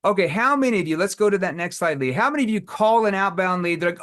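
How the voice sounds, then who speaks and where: Middle-aged male sales coach, animated seminar delivery, voice sits a bit high. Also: fast talker, hardly any pauses. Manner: energetic, role-plays scripted sales calls. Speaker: sales trainer. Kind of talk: live training seminar.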